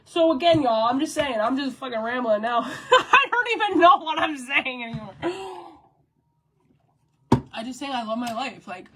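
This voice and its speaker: High-voiced blunt woman rambling on camera. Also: moderate pace, slight background noise. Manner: blunt, profane, animated and emphatic. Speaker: vlogger. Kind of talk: casual rambling vlog.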